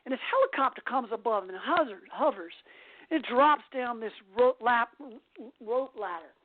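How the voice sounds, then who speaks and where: A woman's voice: fairly high pitch, expressive, moderate pace, no echo. A woman host telling a long story in a chatty, casual way. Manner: chatty, with restarts. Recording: tinny phone-like dry line.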